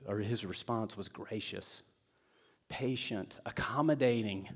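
A man's voice: medium pitch, measured pace, pauses often. A pastor preaching a sermon in a conversational, storytelling way, acting out the words of the people in his stories. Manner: conversational storytelling, acts out quotes.

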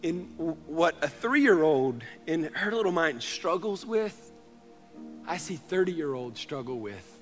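A man in his thirties, a pastor, preaching a sermon in earnest storytelling style, moving between loud passages and hushed ones. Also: fairly high pitch, animated, slow, faint music behind.

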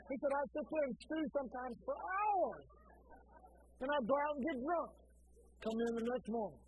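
A woman preaches a sermon in a high voice that rises and falls freely. She tells her stories with animated energy and doubles back on her own words as she goes. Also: normal speed, phone-quality sound. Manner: animated storytelling preacher, repeats phrases.

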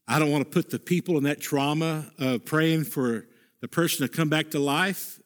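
A male pastor preaching a sermon in an earnest, emphatic way, repeating key phrases, rising sharply when voicing a prayer and dropping low for quiet points.

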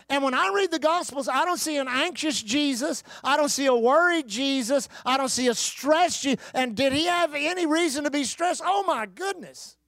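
A man preaching a sermon, emphatic, with rhetorical questions, repeated phrases and occasional shouted bursts. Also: very high voice, normal speed, hardly any pauses, dry recording, clean studio sound. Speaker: pastor.

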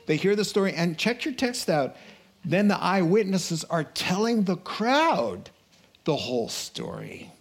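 A man preaching a sermon in an animated way, acting out the voices of a crowd and rising into excited bursts. His voice sits a little high for a man. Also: unhurried, breathy edge.

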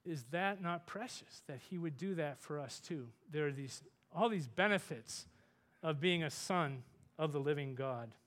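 Earnest preacher man, fairly high voice. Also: expressive, moderate pace. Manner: earnest, rises in pitch and volume for emphasis, softens for tender points. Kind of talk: sermon.

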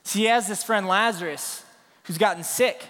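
A man's voice: sits high, normal speed. A male pastor preaching a sermon in a church, telling stories and acting out scenes. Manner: animated storytelling, acts out scenes. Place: church sanctuary. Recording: long reverb in a large hall.

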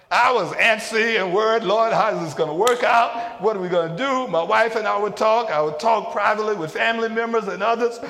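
A man preaching a sermon to his congregation, building to emphatic shouts and repeating key lines for effect. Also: sits high, vocal fry, in a large hall. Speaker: pastor.

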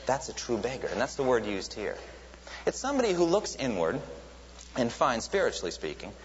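A man preaches a sermon in an earnest, teaching manner, his voice lifting sharply whenever he quotes someone crying out. The sound is lo-fi and a little dull, with a long hall reverb trailing each phrase and a faint hiss underneath. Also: medium pitch. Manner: earnest teaching tone, rises sharply when quoting cries.

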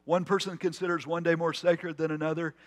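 Man, pastor, conversational sermon, somewhat high pitch, long hall reverb. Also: level tone, a little fast. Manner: conversational, with asides and restarts.

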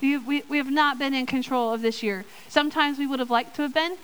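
A woman giving a sermon and reading a Bible story aloud, lively and playful with joking asides. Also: high voice, fast talker, rough recording. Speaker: church speaker in children's ministry.

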